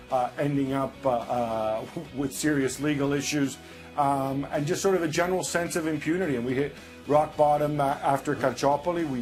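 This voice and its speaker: Thoughtful man pausing on a football panel. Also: on the high side, darkish tone. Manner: thoughtful, hesitant with fillers. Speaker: pundit. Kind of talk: studio analysis.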